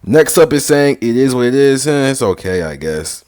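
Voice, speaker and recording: A man's voice: mid-range voice, very animated, normal speed, a little mellow, smooth. A young man rambling casually through dating advice, slangy and sarcastic, full of basketball lingo. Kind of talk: casual vlog talk.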